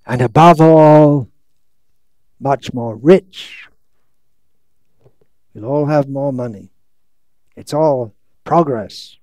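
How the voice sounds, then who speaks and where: A man giving a scriptural lecture, reading out quotes slowly and breaking into sarcastic, ironic asides. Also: mid-range voice, mellow, no echo. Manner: reads quotes slowly, stretches words. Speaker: monk lecturer. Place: lecture hall in India.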